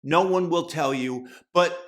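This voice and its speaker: A man's voice: a little high, measured pace, fairly bright tone. A man from Boston hosting a political commentary, talking in a mocking, sneering and theatrical way.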